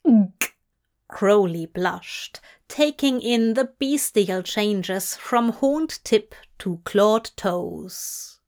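A woman giving a steady, measured narration of a fan-fiction story. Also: medium pitch. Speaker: audiobook reader.

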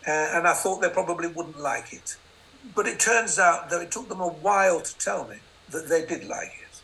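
A man's voice: a little high, moderate pace, creaky, pushed and bright, rough recording. An older man, a novelist, telling wry, self-deprecating anecdotes in an interview. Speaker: novelist guest. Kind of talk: interview storytelling.

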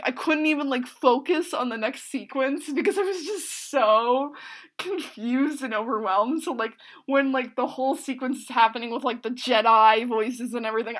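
A woman talking casually in a rambling, gushing way, full of fillers and restarts, sometimes bursting out loud. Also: sits high. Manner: excitable, swings into loud outbursts. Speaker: reaction show host. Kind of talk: casual film reaction monologue.

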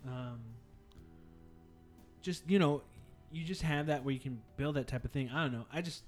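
A man's voice: a little high, moderate pace, soft background music. Casual swearing male podcast host. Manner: loose, swearing, laughing banter.

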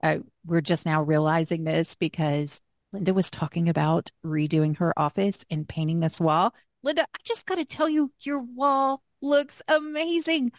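A woman's voice: mid-range voice, dry recording, clean studio sound. A woman co-hosting a casual faith podcast, speaking in an encouraging, affirming way. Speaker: podcast co-host.

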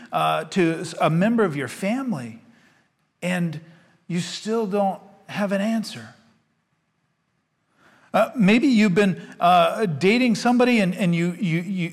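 A male pastor giving a sermon, earnest and conversational, rising to fervor when he reads scripture. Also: high-pitched. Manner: conversational with fillers and repetitions. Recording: long hall reverb.

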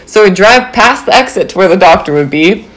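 A young woman in her twenties, casually telling a story to her viewers in a bubbly, animated way, full of fillers like "like" and "um". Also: medium pitch, brisk. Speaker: vlogger.

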